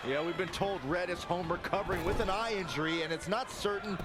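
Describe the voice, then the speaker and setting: An actor playing a measured, analytical male wrestling commentator in a video game. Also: sits high, natural voice. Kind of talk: scripted commentary. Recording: loud arena crowd and game noise.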